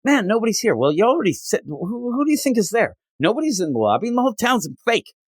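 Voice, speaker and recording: A man co-hosting a comics podcast in casual chat, animated and exasperated, slipping into mock voices when quoting characters. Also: high-pitched, fast talker, dry recording, clean studio sound. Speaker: podcast co-host reviewing comics.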